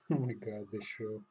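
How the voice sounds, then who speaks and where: A man's voice: on the low side, a little mellow, husky. A man casually chatting on his drawing stream, rambling in a laid-back way and laughing often.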